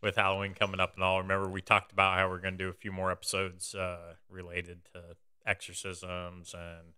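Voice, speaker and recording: A man's voice: low voice, monotone, a little fast, bright, forceful tone, clean tone. A young man hosting a podcast in casual chat, rambling through a story with loose, swearing banter. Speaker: podcast host.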